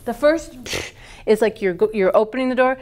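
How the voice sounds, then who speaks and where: A woman's voice: on the high side, moderate pace, darkish tone. A woman teaching a yoga teacher training class, giving playful, upbeat posture cues and explanations.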